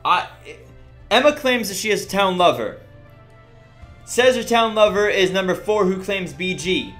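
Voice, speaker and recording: Exasperated high-voiced male streamer. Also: animated, unhurried, pauses often, a bit bright, faint music behind. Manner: exasperated ranting at players. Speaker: game streamer. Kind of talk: livestream commentary.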